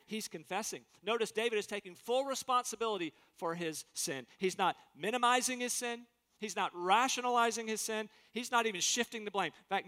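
A man's voice: sits high, bright, forceful tone. A man preaching a sermon as pastor, earnest and emphatic, acting out quotes in different voices. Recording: long hall reverb.

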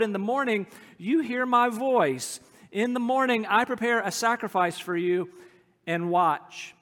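Earnest high-voiced male preacher. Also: a bit bright, big-room sound. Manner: earnest, slows down to dwell on phrases. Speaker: pastor. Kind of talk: expository sermon.

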